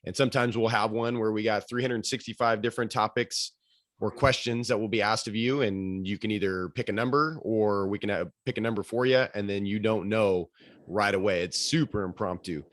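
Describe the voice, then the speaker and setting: A man's voice: on the low side, steady tone, a little fast, dry recording, clean studio sound. A man acting as general evaluator at a club meeting on a video call, friendly and explanatory.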